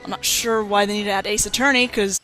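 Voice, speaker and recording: Bright excitable young woman gamer. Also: mid-range voice, fast talker, faint music behind. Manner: excitable and giggly. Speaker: let's play host. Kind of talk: gameplay commentary.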